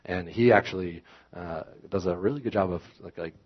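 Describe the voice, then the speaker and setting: A man's voice: deep voice, brisk, breathy edge, muffled recording. A man preaching a sermon in a conversational, self-correcting way, rising into emphatic scripture reading. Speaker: pastor.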